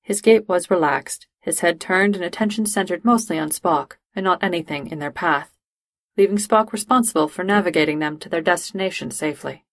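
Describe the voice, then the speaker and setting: A woman reading fan fiction aloud in a steady, measured storytelling voice. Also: on the low side, dry recording. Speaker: reader.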